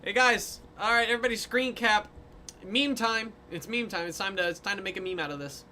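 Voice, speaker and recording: An artist livestreams while drawing viewer requests, chatting casually in a mid-range voice that's brisk, pushed, and bright. She rambles with lots of fillers, teases herself playfully, and keeps breaking into fits of giggles, with slight background noise in the recording.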